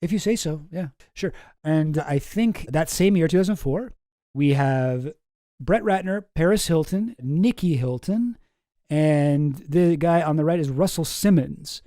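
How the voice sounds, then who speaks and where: A man hosting a commentary show, reacting to clips with sarcastic, deadpan asides. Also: a little high, unhurried, no echo, studio quality. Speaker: host.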